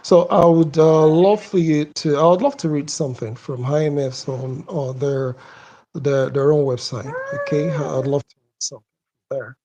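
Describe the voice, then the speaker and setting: A man questioning another speaker in an online audio discussion, measured and halting, with many fillers. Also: on the high side, fairly even intonation, warm tone, highs cut off, slight background noise.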